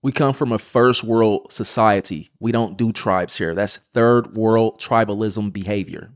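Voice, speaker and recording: A man's voice: lowish voice, measured pace, no room sound. A man giving combative, insistent reaction commentary on a clip.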